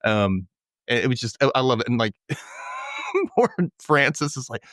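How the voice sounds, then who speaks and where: Man, podcast co-host, excitable casual chat, mid pitch, dry close sound. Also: brisk, no room sound. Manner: excitable, jumps high in pitch when he gets worked up.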